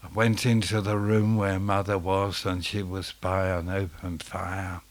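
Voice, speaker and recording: A man preaching a sermon as dramatic storytelling, dropping to a hush and then rising to loud outbursts. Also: low voice, level tone, measured pace.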